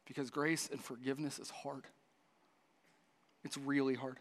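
A man's voice: medium pitch, little pitch movement, normal speed. A man preaching a sermon to a church, telling a story with frequent restarts. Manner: storytelling with many restarts, voices the dialogue. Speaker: pastor. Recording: long hall reverb.

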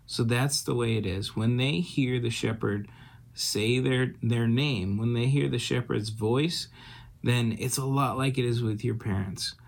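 A pastor talking informally to children, folksy and rambling with restarts. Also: male voice, medium pitch, a little slow, vocal fry.

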